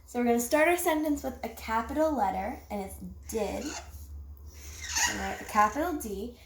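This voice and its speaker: A young girl leading a kids' writing lesson, sounding out each word slowly and carefully. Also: a little high, vocal fry. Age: child. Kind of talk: classroom writing lesson for kids. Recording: echoey room, faint noise.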